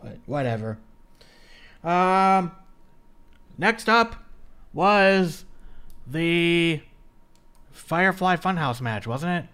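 A man co-hosting a casual wrestling podcast, profane and animated, ribbing wrestlers and slipping into mocking voices. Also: on the high side, extremely slow, pauses often, clear, resonant tone. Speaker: podcast co-host.

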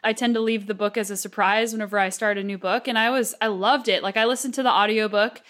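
An American woman hosts a podcast interview, chatting in an upbeat, enthusiastic manner. She has a mid-range, fairly bright voice with a steady tone and quick pace.

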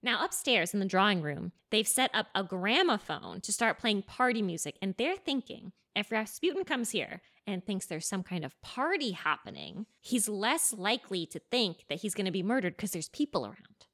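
Animated woman telling a story. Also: medium pitch. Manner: animated, laughing, acting out characters in quick asides. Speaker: podcast co-host telling a history story. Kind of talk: casual storytelling chat.

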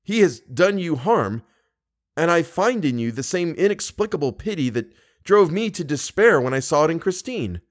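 An anxious young nobleman pushes his words out with urgency, pitched well above an ordinary speaking voice, as a male audiobook reader acts him out. He sounds impatient and pleading, a storybook hero short on patience. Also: expressive, normal speed. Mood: bewildered. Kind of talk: audiobook character reading.

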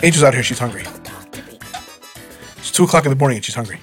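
A man telling stories as a podcast guest, animated and laughing often. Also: mid-range voice, quick pace, soft background music. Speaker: guest, retired wrestler. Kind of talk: casual storytelling.

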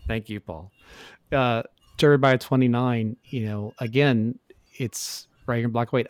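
A man's voice: medium pitch, unhurried, no room sound. A middle-aged man speaking as a guest in a casual interview, telling his story in an earnest, reflective way. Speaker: podcast guest.

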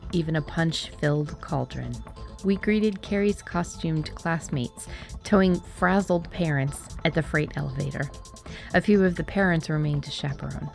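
A woman's voice: deep voice, gravelly. A woman narrating a first-person Halloween mystery audiobook in a wry, playful manner.

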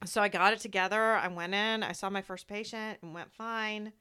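Woman, medium pitch, smooth tone; candid grief podcast host, storyteller. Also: fairly even intonation, normal speed, pushed and bright. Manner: heartfelt, storytelling, acts out quoted voices. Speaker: medical provider. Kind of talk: candid conversation about grief.

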